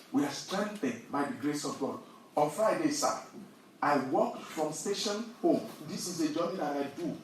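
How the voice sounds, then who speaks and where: A man preaching an animated sermon, telling personal stories and building to loud scripture readings. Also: high voice, slight background noise. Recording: echoey hall, distant mic.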